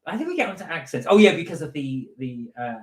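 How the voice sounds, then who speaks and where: Chatty male live-stream co-host, comic impressions, slightly high voice, roomy sound. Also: sing-song, fast talker. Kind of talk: casual live-stream chat.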